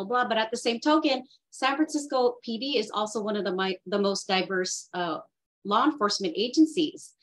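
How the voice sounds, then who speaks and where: A woman on a video call, talking in a halting, earnest way with many fillers and restarts during a group discussion. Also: medium pitch, rough recording. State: getting emotional. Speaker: workshop participant.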